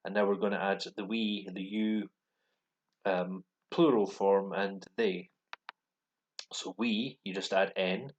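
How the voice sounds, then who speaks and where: A man's voice: deep voice, steady tone, slow pace, long pauses, lo-fi sound. A Scottish man talking through a language course in a casual, hesitant way, full of ums and restarts. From Scotland. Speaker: language learner vlogger. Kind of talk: casual explanatory walkthrough. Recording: voice with computer speakers playing.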